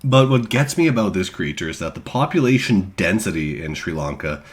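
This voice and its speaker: A deep-voiced man co-hosts a podcast about cryptids, speaking with animation and a little fast. He reads researched notes casually, tossing in self-deprecating asides.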